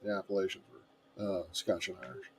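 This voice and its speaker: A man's voice: deep voice, animated, a little fast. A man with a muddled Southern American accent, a guest in a casual chat who rambles with many fillers. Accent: mixed Southern American. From Southern United States.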